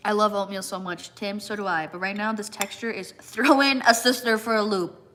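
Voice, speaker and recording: A woman's voice: medium pitch, steady tone, a little fast, a bit bright, a little hiss or hum. A young woman chatting casually on a live stream, reading out viewer comments and using "like" constantly while eating. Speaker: fitness content creator.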